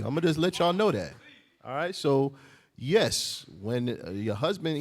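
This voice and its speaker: A man's voice: medium pitch, very animated, unhurried. A man co-teaching a congregation, joking and conversational as he plays to the room.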